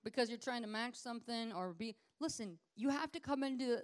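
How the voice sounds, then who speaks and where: A woman ministry leader giving an informal teaching sermon in a lively, conversational way, acting out the people she talks about. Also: on the high side, fairly quick, few pauses. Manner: lively conversational preaching, acts out quoted people.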